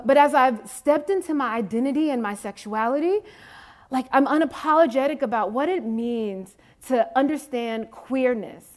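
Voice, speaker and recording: Lady in her 40s, kinda high voice, talking straight to the youth group, very emphatic, repeats herself for effect. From Mississippi, USA. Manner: candid, emphatic, repeats phrases for stress. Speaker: faith speaker addressing youth. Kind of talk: personal talk to young people.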